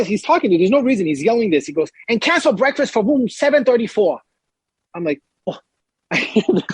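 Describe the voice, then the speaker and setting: A man guest on a podcast, telling a lively story and acting out other people's lines in raised voices. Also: sits high, slightly rough, no echo. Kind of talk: animated storytelling.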